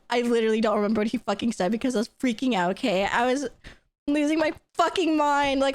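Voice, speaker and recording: A young woman chats casually on her live stream, gushing and excitable, laughing a lot and swearing freely. Her voice sits high and runs a little fast, with no room sound.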